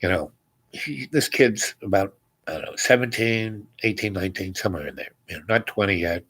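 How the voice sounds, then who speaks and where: A man hosting a show, telling a long personal story in a meandering, halting way and acting out the dialogue. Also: on the low side, animated, fairly bright tone, husky, poor audio. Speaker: host.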